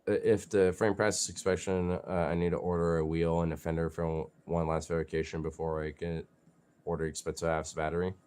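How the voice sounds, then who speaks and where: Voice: sits low, level tone, normal speed, a little mellow, clean tone. A vlogger talking casually, rambling with lots of fillers and playfully teasing and cursing at their pets. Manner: rambling, full of "you know" and "like". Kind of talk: casual vlog chat.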